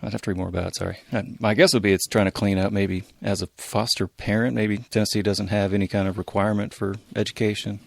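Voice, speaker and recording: A man with a very deep, gravelly voice chats hesitantly, filling his sentences with "like" and "you know." The sound is close and dry, with no room echo. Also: level tone, quick pace, hardly any pauses. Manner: hesitant, uses many fillers like "like". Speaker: podcast co-host. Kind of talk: casual chat.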